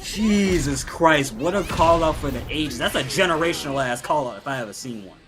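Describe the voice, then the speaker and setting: A man giving color commentary on a fighting game match, joking and animated with loud exclamations. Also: a little high, brisk.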